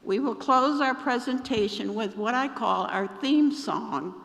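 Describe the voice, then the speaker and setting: An event organizer giving closing remarks in a hoarse voice that is giving out, pausing to cough. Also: medium pitch, a bit bright, slight background noise. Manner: slow and gravelly, pausing to cough. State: hoarse, losing voice. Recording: reverberant hall.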